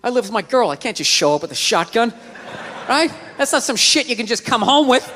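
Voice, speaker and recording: A male stand-up comedian rants in an explosive, shouting delivery, his high voice bright and forceful, brisk and sing-song. The live venue adds a long reverb, with a faint hum of ambience underneath.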